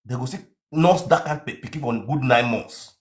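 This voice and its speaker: A man with a Nigerian accent giving an animated comic rant, swinging into shouts and mock accents. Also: medium pitch, moderate pace. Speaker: comedian.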